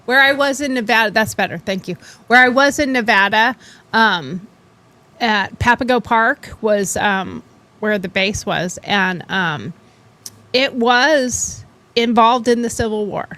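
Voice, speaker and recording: A woman's voice: a little high, measured pace, bright, forceful tone. A woman hosting a casual talk show, chatty and blunt, often laughing. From western United States. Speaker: podcast host. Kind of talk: casual chat.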